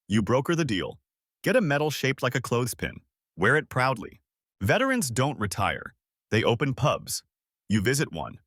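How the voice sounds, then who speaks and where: A man giving deadpan scripted narration in short, clipped sentences. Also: mid-range voice, dry recording, clean studio sound.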